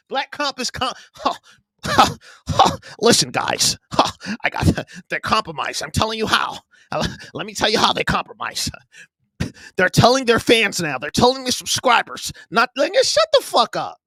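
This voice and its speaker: A man hosting a live online show, ranting loudly and profanely with bursts of yelling. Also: extremely high pitch, moderate pace, dry recording, clean studio sound. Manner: loud, profane, animated, yelling at times. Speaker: podcast host. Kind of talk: heated live-stream rant.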